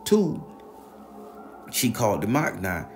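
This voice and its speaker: A man telling a story in a casual, animated, profane, slang-heavy way. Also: on the low side, takes it slowly, soft background music.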